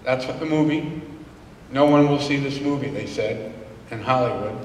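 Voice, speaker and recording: A man's voice: mid-range voice, moderate pace, a little hiss or hum. A man giving a motivational speech to a live audience, punchy and repetitive, with folksy slang. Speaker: motivational speaker. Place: large hall. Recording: echoey hall from far off.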